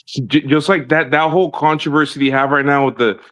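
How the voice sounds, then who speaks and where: A man chiming in on a podcast chat in an animated, profane way. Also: fairly high pitch, brisk. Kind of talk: casual chat.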